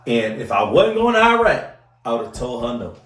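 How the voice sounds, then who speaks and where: Male host, animated profane storyteller doing voices; roomy room, mic set back. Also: mid-range voice, normal speed. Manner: animated storyteller acting out other people's voices, heavy profanity. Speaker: podcast host. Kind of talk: casual storytelling chat. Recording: roomy sound from a distant mic.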